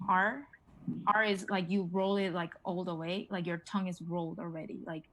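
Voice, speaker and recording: A woman with as her leads a relaxed one-on-one lesson. She talks in loose, hesitant explanations full of fillers and says each word slowly for her student to copy. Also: fairly low pitch, slight background noise, rough recording. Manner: explains haltingly with many "like" and "um", models words for repetition. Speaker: Korean language tutor. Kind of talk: casual one-on-one language lesson.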